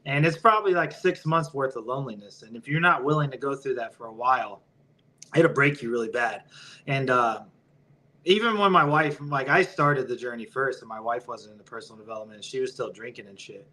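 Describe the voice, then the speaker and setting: A man's voice: mid-range voice, animated, brisk, pushed and bright, poor audio. A male podcast guest in casual interview chat, blunt, profane and opinionated.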